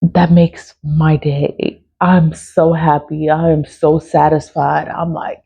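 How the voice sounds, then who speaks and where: A woman's voice: low voice, little pitch movement, slow, vocal fry, husky, muffled recording. A woman vlogger in an unscripted personal rant, swearing often, repeating herself and laughing bitterly. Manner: profane, repetitive, laughing bitterly. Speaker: spiritual vlogger.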